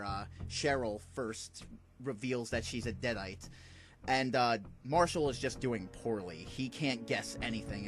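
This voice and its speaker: Chatty man narrating a film idea. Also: mid-range voice. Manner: loose, chatty storytelling with fillers. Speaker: fan film creator. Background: background music.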